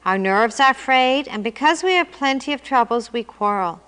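A woman's voice: high-pitched, animated, moderate pace, a bit bright, clean tone, big-room sound. Woman voicing a desperate, pleading poor man. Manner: pleading, complaining. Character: desperate poor man at his wits' end.

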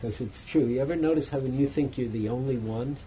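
A man gives a dharma talk to a retreat audience in a meditation center hall. He tells stories in a loose, chatty way and pokes fun at himself. His voice sits at an ordinary middle pitch, with a faint hiss of noise behind it. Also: a little fast. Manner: relaxed, chatty storytelling with self-mocking humor. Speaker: meditation teacher.

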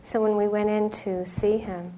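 A middle-aged woman meditation teacher giving a relaxed, conversational dharma talk. She speaks gently, drops into soft whispered asides and laughs often. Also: mid-range voice, moderate pace, background noise.

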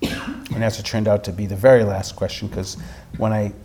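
A man, a meditation teacher, telling a story in a dharma talk with animated delivery and frequent restarts. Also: on the low side, normal speed.

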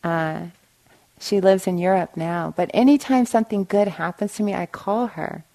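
A woman's voice: on the low side, moderate pace, rough recording. A woman meditation teacher giving a dharma talk, often checking in with listeners and telling a story. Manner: warm storytelling with frequent "right?" asides. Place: meditation hall.

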